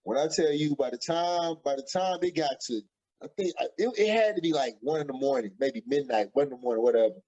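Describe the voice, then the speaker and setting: A man, co-hosting a podcast and telling an animated story, acting out the quotes excitedly. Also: mid-range voice, quick pace. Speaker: podcast co-host. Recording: dull lo-fi audio.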